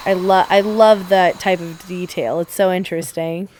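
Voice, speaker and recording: This woman's voice sits on the low side, steady and at normal speed, against a noisy background. She co-hosts a gaming podcast, keeping the talk casual through a playthrough and voicing quotes while telling stories.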